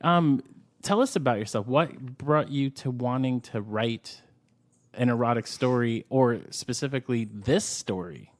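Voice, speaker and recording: A man's voice: mid-range voice, a little slow. Man, podcast co-host, casual chat, playful, joking.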